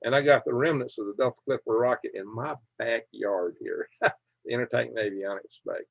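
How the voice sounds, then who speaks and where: A man's voice: medium pitch, normal speed, creaky, dry recording. A middle-aged man hosting a casual livestream, reading viewer comments aloud in a folksy, chuckling way. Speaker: livestream host. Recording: dull lo-fi dry sound.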